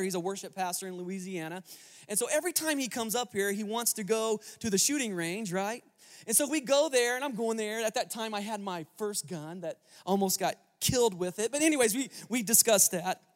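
A male pastor preaching a sermon, telling a story as a lively storyteller with joking asides to the congregation. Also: sits high, a little fast. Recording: long reverb of a large hall.

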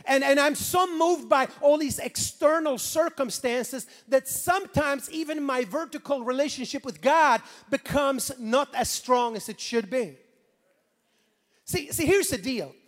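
High-voiced Swedish-accented male pastor. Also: measured pace, long reverb tail. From Sweden. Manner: animated, swings from quiet asides to loud preaching. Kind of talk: sermon.

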